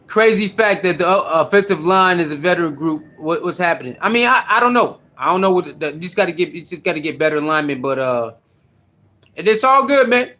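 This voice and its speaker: A man hosting a casual sports livestream, talking in an animated, repetitive, slangy way and greeting viewers in the chat by name. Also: on the high side, fairly quick.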